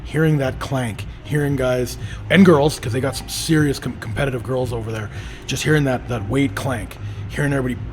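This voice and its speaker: A man's voice: mid-range voice, a little fast, soft background music. Emphatic, profane man talking gym motivation. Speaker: podcast host. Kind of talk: casual podcast chat.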